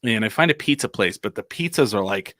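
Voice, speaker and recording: A man from Albuquerque, New Mexico, with a lowish, expressive voice and a fairly bright tone, talks briskly. He tells a casual anecdote on a comedy podcast, rambling with lots of "like" and restarts. The recording is dry and clean, with studio sound.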